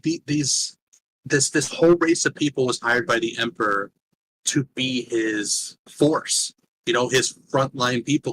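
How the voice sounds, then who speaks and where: A man talks through his movie opinions in a loose, rambling way. His voice sits at a mid pitch, with faint noise underneath. He sounds like a regular on the show. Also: fairly bright tone, low-quality recording. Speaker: podcast co-host. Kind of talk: casual movie discussion.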